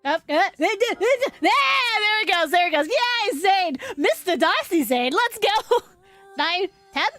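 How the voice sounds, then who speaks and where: A young woman streamer reacting out loud as she pulls on a game banner, groaning and cheering at the results. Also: extremely high pitch, animated, slow, faint music behind. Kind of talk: live gacha game stream.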